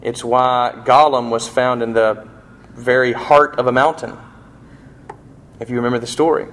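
Guy giving a sermon, relaxed chatty storyteller, mid pitch. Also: normal speed. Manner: folksy, conversational storytelling. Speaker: pastor.

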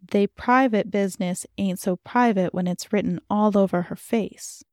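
A woman voicing a blunt, suspicious, outspoken middle-aged neighbor who talks in a sharp, preachy way. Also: medium pitch, normal speed, no echo, studio quality, natural voice. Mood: indignant.

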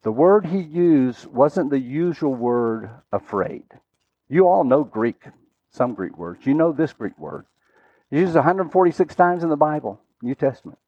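A man preaching a sermon, telling a story dramatically and swinging from loud, urgent lines to hushed, quiet ones. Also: fairly high pitch, expressive, unhurried, no echo, dull audio.

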